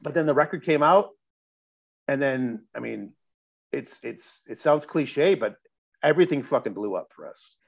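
With an animated mid-range voice, vocal fry, and normal speed, a middle-aged Chicago man who plays music tells a long story as an interview guest. It's relaxed and rambling; he restarts his sentences and curses from time to time.

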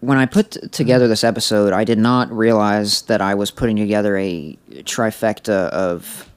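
A man hosting a comedy podcast, chatting casually and laughing often between halting, filler-laden remarks. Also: lowish voice, steady tone, clean tone. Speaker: podcast host.

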